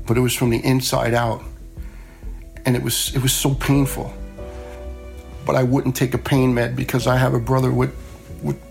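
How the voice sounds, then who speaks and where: A man's voice: medium pitch, gravelly, darkish tone. A middle-aged man telling his own story in a plainspoken, conversational way, playing out the voices of people he quotes. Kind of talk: personal story told on a radio show.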